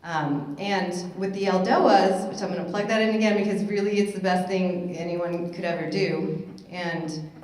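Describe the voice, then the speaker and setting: A woman's voice: lowish voice, steady tone, moderate pace, hardly any pauses, darkish tone. A woman personal trainer speaking on a panel, chatty and upbeat and laughing at her own jokes. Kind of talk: casual panel talk. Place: conference hall at a summit. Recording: roomy hall echo.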